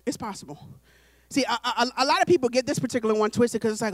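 A woman preacher delivering a calm, conversational sermon, slowing down for emphasis. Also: a little high, no echo. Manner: conversational, deliberate, slows for emphasis.

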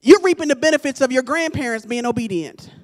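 A woman pastor preaching a sermon, calling on the congregation to respond and rising into shouts. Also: high voice, lively intonation, quick pace.

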